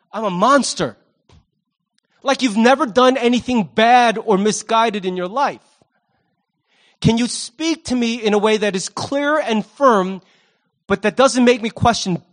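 A pastor preaching a sermon, animated, acting out the voices he quotes and repeating words as he starts a thought. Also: very high-pitched, measured pace.

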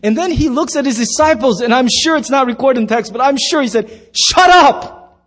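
A man pastor preaching a sermon in church, telling stories with animated voices and sudden shouts. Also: very high voice, fast talker.

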